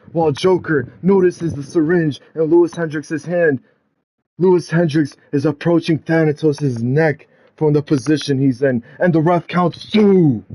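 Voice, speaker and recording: Excitable man narrating wrestling action. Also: fairly high pitch. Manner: excitable, builds to loud climaxes. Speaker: narrator of a wrestling game storyline. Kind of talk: dramatic play-by-play story narration.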